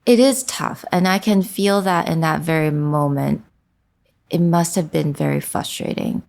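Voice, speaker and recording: A woman's voice: low-pitched, unhurried, gravelly, a little mellow. A woman hosting a podcast interview who listens closely and responds with affirming reflections. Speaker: podcast host. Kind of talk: interview conversation.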